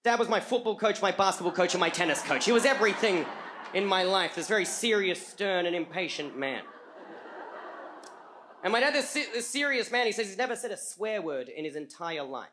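An Australian man telling a comic story on a live stage, halting with frequent repeats and fillers. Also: sits high, animated, background noise. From rural Australia.

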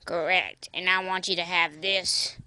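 A woman's voice: on the low side, fairly even intonation, measured pace, sharp tone, smooth, dry recording, pitched below the performer's own voice. A woman voicing a dying old grandfather in his nineties, a former pirate who growls "laddie" in a homemade puppet comedy. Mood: rambling. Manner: growly pirate talk, calls everyone laddie.

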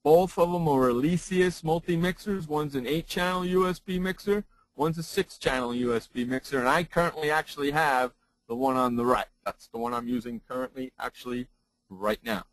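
A man's voice: a little high, moderate pace, dry recording, low-quality recording. A man who hosts a sports talk radio show, giving a seminar presentation on broadcasting and repeating his points for emphasis into his own broadcast microphone.

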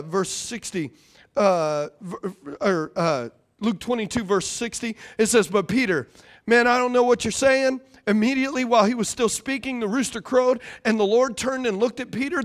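In a high, light voice, a male pastor gives a sermon with casual animation, returning to key phrases repeatedly to drive them home.

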